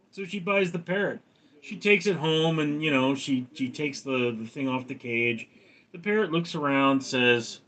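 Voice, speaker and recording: A man hosting a casual livestream, telling long jokes. He rambles and restarts his sentences. Give it an offhand, conversational delivery at an ordinary pitch. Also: a little slow, a bit bright, rough recording. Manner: rambling storyteller, acts out voices in jokes.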